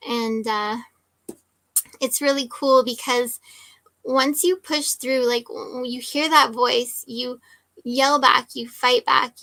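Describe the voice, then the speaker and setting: A woman's voice: on the high side, bright, forceful tone, no echo. A woman in her forties telling a personal story in a casual, emphatic way, with lots of "like" and "right?" tags.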